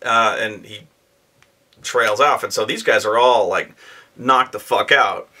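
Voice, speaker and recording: A man in his thirties telling a profane, animated story about a tabletop game, acting out his players' lines in raised voices. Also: fairly low pitch, unhurried. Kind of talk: casual storytelling monologue.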